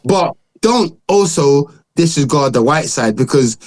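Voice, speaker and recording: A man talking as a guest in a casual podcast chat, relaxed, often checking in with "you know what I'm saying". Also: on the high side, unhurried.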